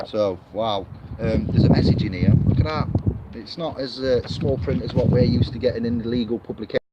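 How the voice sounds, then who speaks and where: A man's voice: medium pitch, a little fast. Guy rambling on a vlog outside, muffled lo-fi audio, traffic going by. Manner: rambling, many fillers and restarts. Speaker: vlogger reviewing a book. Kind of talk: casual rambling to camera. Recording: muffled lo-fi audio with clear street noise.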